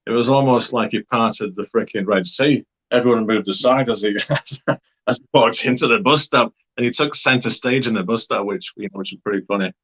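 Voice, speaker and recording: A man's voice: lowish voice, pushed and bright, lo-fi sound. A man from Wakefield, England, telling a story in a casual, rambling way, with many fillers and hesitations. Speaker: interviewee.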